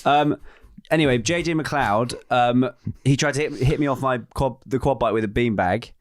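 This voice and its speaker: A man's voice: medium pitch, moderate pace, dry recording, studio quality. A young man co-hosting a comedy podcast, telling stories in a rambling, filler-heavy way and teasing his partner. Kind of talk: casual comedic chat.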